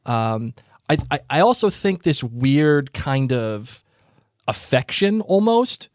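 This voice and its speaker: A man's voice: mid-range voice, very animated, slow pace, no room sound, studio quality. A man co-hosting a podcast, eagerly chatting about a TV episode, often restarting his sentences. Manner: enthusiastic, teasing, many restarts. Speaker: podcast co-host. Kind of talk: casual TV recap chat.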